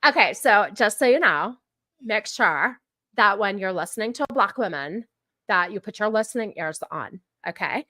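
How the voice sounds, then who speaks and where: A woman streamer reacting to clips in casual commentary, sarcastic and ranting, mocking and quick to laugh. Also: medium pitch, expressive, sharp tone, dry recording, studio quality.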